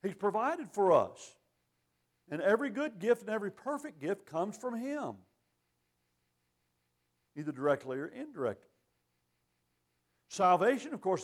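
Man, preacher, sermon, high voice, folksy, emphatic, scripture quotes. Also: expressive, normal speed, pauses often.

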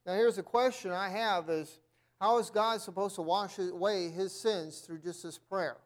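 High-voiced man teaching a church lesson. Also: normal speed. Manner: frequent throat clearing, reads aloud from notes. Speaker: Bible class teacher.

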